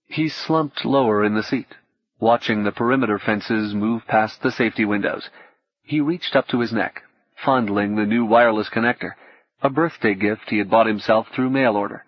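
Husky male audiobook narrator. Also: on the low side, normal speed, no echo, muffled recording. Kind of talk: scripted narration.

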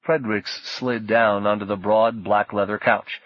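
A man reading audiobook narration in a measured, even storytelling manner. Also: fairly low pitch, no room sound. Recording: dull lo-fi dry audio.

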